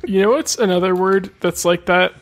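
A woman's voice: medium pitch, moderate pace. A woman co-hosting a podcast in casual chat, teasing. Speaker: podcast co-host.

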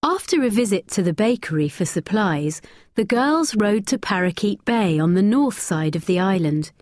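A woman narrating a graded-reader story slowly, clearly and expressively. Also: medium pitch, lively intonation, a little mellow, no room sound, studio quality.

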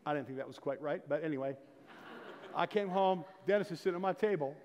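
Folksy pastor preaching in a reverberant hall. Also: male voice, on the high side, fast, a little mellow. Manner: folksy storytelling, rising to emphatic exhortation. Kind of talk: sermon. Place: church sanctuary. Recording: long reverb of a church hall.

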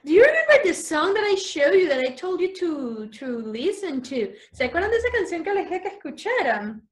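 A woman teaching English vocabulary to young children over a video call, spelling words slowly and switching into to explain. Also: extremely high pitch, very animated. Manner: slow, exaggerated spelling and repetition, switching to Spanish explanations. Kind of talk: online class for young children.

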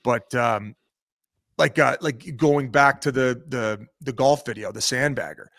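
Casting: man, 30s, podcast guest, loose swearing storyteller, mid pitch, dry close sound. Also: measured pace, fairly bright tone, dry recording. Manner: rambling, swears a lot, laughs while telling stories. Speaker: podcast guest, former hockey player. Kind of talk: casual storytelling, profane.

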